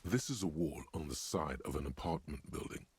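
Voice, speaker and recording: An actor voicing a stern game narrator, describing scenes in a measured, dry, gravelly manner. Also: male voice, a bass voice, expressive, a little mellow, a little hiss or hum. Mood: terse.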